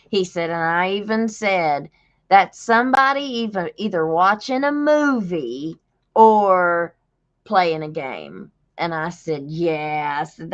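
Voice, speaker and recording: Slow-talking woman streamer. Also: mid-range voice, muffled recording. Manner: drawling, laughs often, folksy. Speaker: livestream host. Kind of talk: casual storytelling to viewers.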